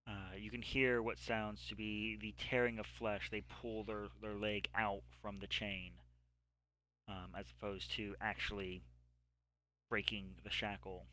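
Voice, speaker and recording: A man narrates a tabletop game as its game master. His voice sits a little low but rings bright, and he pads his descriptions with easy fillers. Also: level tone, measured pace.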